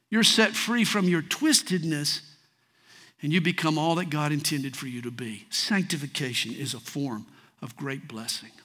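Lively, high-voiced male preacher. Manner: folksy, dramatic swings between loud and soft. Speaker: pastor. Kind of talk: sermon.

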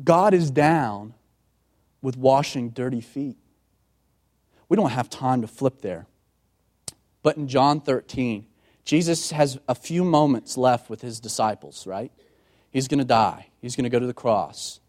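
A man preaching a sermon as a pastor, moving from loud emphatic passages to quiet, hushed ones and acting out voices in quoted dialogue. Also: unhurried, long pauses. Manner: dramatic, sweeping from loud emphatic highs to hushed tones.

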